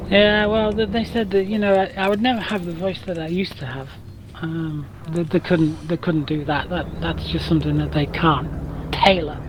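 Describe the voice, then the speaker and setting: A man with a rough, damaged voice and a fairly high pitch chats casually as a streamer while gaming. He rambles through long stories, restarting sentences as he goes. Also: fairly even intonation, moderate pace, noisy background. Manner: rambling, chatty storyteller with many restarts.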